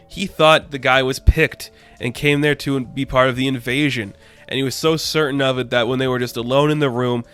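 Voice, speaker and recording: Excitable man with a smooth voice. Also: medium pitch. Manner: excitable, slangy, peppers talk with "man" and "crazy". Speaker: comic book reviewer. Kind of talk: casual review monologue.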